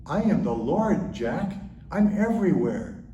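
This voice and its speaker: A man doing God, calm and patient. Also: fairly high pitch, unhurried, reverberant, distant mic, dull audio, slight background noise. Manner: calm, gently firm. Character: calm, patient male God speaking from above.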